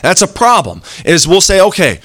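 A man delivers an earnest, conversational sermon, his voice a touch higher than most and full of swings in pitch. The sound is dry and close, with little room around it. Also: very animated, normal speed, fairly bright tone, no echo. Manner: earnest, conversational preaching with acted-out quotes. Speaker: preacher.

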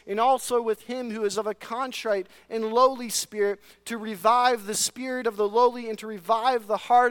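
Pastor guy preaching, high clear voice, earnest w/ dry sarcastic bits, big echoey church. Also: a bit bright. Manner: earnest preaching with rhetorical questions and scripture readings. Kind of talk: sermon. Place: church sanctuary. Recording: long reverb of a large hall.

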